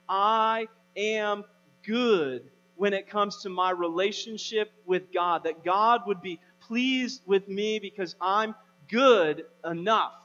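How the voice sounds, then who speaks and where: Pastor, thirties, male, slightly high voice, relaxed storytelling sermon delivery, long reverb. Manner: conversational storytelling, rising to emphatic preaching. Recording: dull, hum, long reverb.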